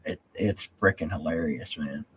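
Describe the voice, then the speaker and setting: A man's voice: a bass voice, normal speed, slightly rough. A man hosting a casual live stream, rambling and reading viewer comments aloud.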